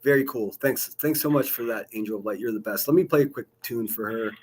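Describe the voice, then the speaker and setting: A man's voice: mid-range voice, fairly quick, darkish tone, a little hiss or hum. A man hosting a call-in livestream, joking easily and thanking viewers by name. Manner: easygoing, jokey, reads out names. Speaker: call-in show host. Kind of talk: casual livestream chat.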